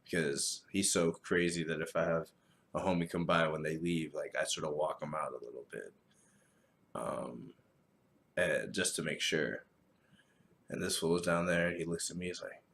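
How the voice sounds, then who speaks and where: Man, very deep voice, solo podcast host, casual rambling rant, lots of swearing. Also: moderate pace. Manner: profane, rambling, animated storytelling.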